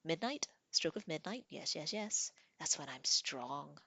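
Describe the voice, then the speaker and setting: A woman voicing a small, sly, greedy male troll who giggles, repeats words in a sing-song way and talks in a breathy, whispery voice, as in an audiobook reading. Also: low voice, animated, unhurried, sharp tone, no room sound, heavily acted. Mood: gleeful.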